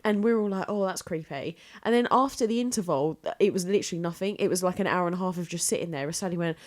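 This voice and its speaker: A woman from England co-hosting a podcast, telling an anecdote in an animated way and swearing now and then. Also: mid-range voice, fast, few pauses. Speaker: podcast co-host. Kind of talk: casual storytelling chat.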